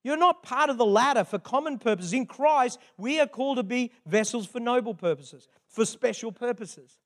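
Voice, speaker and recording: A man's voice: very high-pitched, lively intonation, moderate pace. An older man, a grandfather, preaching a sermon in a chatty, conversational way with frequent asides. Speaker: pastor.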